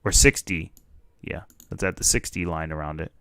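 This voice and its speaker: A man's voice: sits low, moderate pace, clear, resonant tone, no room sound. A young man giving casual, joking live commentary as a streamer reacting to a video. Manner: animated and joking.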